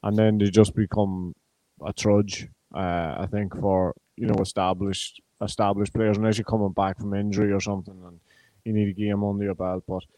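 Low, flat-voiced Irish pundit. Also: male voice, no room sound, rough recording. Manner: measured, hesitant with frequent ums. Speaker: pundit, former player and college coach. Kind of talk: casual sports chat.

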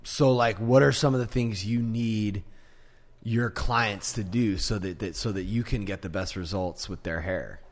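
Male podcast co-host, fairly low and gruff, sounds aggressive, blunt and profane. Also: measured pace. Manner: blunt, swears often. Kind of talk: casual chat.

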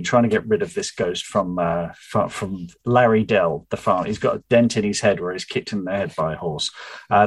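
A man's voice: on the low side, breathy edge, poor audio. A middle-aged man, the book's author, chatting upbeat about his novel and then reading from it aloud. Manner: chatty and upbeat, with small restarts.

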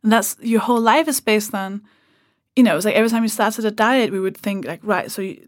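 A woman talking as a guest on a podcast, animated and swearing freely as she acts out remarks people made. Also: mid-range voice, fairly quick, no echo, clean studio sound. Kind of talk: casual podcast conversation.

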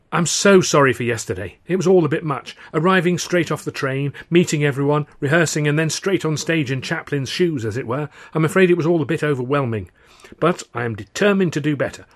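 A man's voice: on the high side, animated, fairly quick, pitched above the performer's own voice. A man doing a sheepish, apologetic young actor. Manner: earnest, flustered, apologetic.

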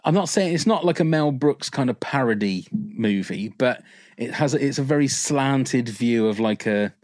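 A man's voice: mid-range voice, lively intonation, moderate pace, a little mellow, no room sound, clean studio sound. A man co-hosting a film podcast, rambling and enthusiastic as he chats, swearing casually. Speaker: podcast co-host. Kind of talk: casual chat.

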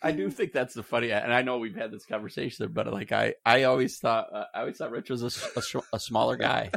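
A man with a gravelly voice teases his friends as a podcast guest. His speech is mid-pitched and the recording is dry and close. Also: fast talker, fairly bright tone, no room sound. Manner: teasing, playful. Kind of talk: casual podcast chat.

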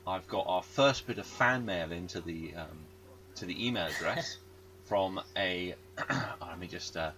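A man's voice: deep voice, measured pace, pushed and bright, slight background noise. A man co-hosting a podcast with dry, teasing humor. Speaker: podcast co-host. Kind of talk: casual chat.

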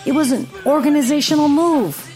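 A woman's voice: high-pitched, brisk, mellow, faint music behind. A middle-aged woman hosting a podcast, telling a story in a blunt, sarcastic, profane rant. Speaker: podcast host.

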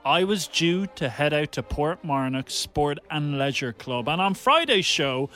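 A man's voice: a little high, animated, pushed and bright, faint music behind. A man co-hosting a radio show, cracking teasing jokes. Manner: teasing, quick jokes, laughs. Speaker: radio co-host.

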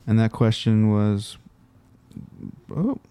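A young man co-hosts a casual podcast, chatting in a loose, rambling way. His voice is warm and smooth. The sound is dry and close. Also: medium pitch, unhurried, no room sound. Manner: laid-back, rambling with restarts. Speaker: podcast co-host. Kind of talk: casual chat.

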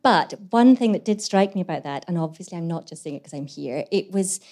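Actress, co-host, lively comic storytelling, handheld mic, live audience. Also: female voice, lowish voice, a little fast. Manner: lively, swearing, laughing through the story. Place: live venue before an audience. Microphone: handheld microphone.

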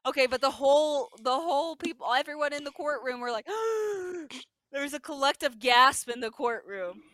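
Lively woman host recapping with bright voice. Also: high-pitched, no echo. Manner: animated, acts out characters' lines in quick bursts. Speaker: podcast host. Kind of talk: casual chat recapping a TV episode.

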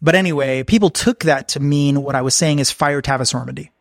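A man's voice: fairly high pitch, fast, gravelly, dry recording, studio quality. Frank man telling candid stories. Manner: frank, anecdotal, acts out quoted exchanges. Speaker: podcast guest. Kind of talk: candid conversational storytelling.

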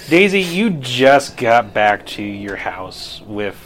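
A man's voice: medium pitch, very animated, takes it slowly, background noise. A man running a tabletop game as game master, mixing dramatic narration with casual asides.

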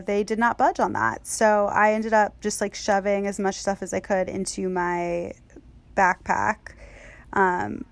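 A young woman in casual conversation, telling a story in a quick, animated way. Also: medium pitch, no echo. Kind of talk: casual chat.

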